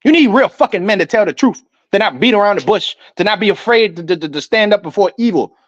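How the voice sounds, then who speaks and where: A man giving a ranting commentary, loud and emphatic, stumbling over repeated words as he reads definitions aloud. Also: sits high, animated, fast talker, no room sound. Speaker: online commentator. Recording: dull lo-fi dry sound.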